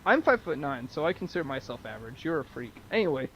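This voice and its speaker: A man from the United States teasing his friends in a podcast chat and poking fun at himself. His voice sits a bit high. The call audio is dull and lo-fi, with faint noise underneath. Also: big pitch swings, fast talker, fairly bright tone. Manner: teasing, self-deprecating. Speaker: podcast co-host. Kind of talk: casual group chat.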